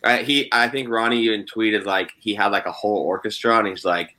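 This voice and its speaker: A man's voice: lowish voice, fairly even intonation, brisk, bright, forceful tone, a little hiss or hum. A young man, a guitarist, chatting casually, swearing often and saying "dude" and "like" a lot. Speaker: guitarist in a band. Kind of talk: casual chat.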